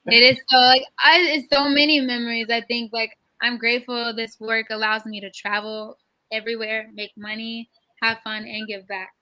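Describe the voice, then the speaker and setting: High bright animated woman storyteller. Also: normal speed. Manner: animated, acts out quoted lines, many "like" fillers. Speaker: actress guest. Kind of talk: casual interview storytelling.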